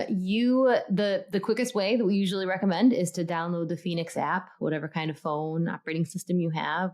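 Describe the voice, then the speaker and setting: A woman's voice: low-pitched, a little mellow. A woman co-hosting a podcast, speaking earnestly and rambling a little, with frequent ums and restarts. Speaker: podcast co-host. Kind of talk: casual podcast chat.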